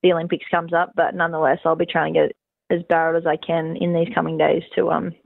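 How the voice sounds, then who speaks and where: A woman's voice: deep voice, monotone, fast talker, gravelly, no echo. Laid-back Australian woman on a phone line. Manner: laid-back, friendly, filler-heavy. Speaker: guest, pro surfer. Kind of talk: radio phone interview.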